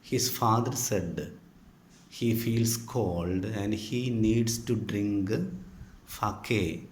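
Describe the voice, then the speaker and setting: Indian english guy teaching a story, patient, lowish voice, bit echoey, faint hum behind. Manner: patient, explaining step by step with frequent pauses. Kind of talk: storytelling lesson to students. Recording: echoey room with faint ambient noise.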